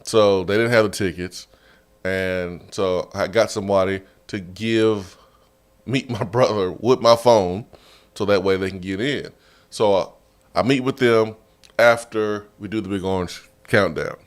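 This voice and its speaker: Male sports talk host, low voice, loose and animated, studio mic. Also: measured pace, clean tone. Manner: animated, laughing storyteller. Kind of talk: casual storytelling. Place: radio studio.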